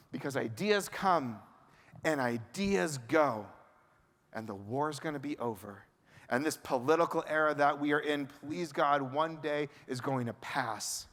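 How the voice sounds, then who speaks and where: Rabbi guy preaching, high voice, lots of reverb from a big sanctuary. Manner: animated, conversational preaching with rhetorical questions. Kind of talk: sermon. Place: large sanctuary. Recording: long hall reverb.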